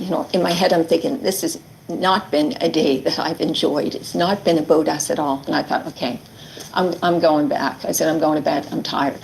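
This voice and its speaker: Interviewee, woman, middle-aged, gravelly, a bit low, earnest retelling. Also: darkish tone, a little hiss or hum, low-quality recording. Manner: earnest, quotes herself and others, many "like" fillers. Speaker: interviewee recounting her ordeal. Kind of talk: emotional testimony in an interview.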